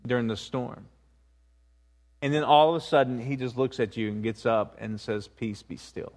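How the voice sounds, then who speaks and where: A man preaching a sermon, swinging between hushed asides and rising, emphatic points, with frequent repetition. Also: medium pitch. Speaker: pastor.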